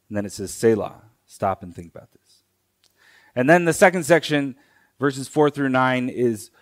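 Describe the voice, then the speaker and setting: A man giving a sermon in a church, his voice sitting in a middle register. He teaches slowly and deliberately, pausing often and circling back to repeat key phrases. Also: medium pitch. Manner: slow, deliberate teaching with pauses and repetitions. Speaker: preacher.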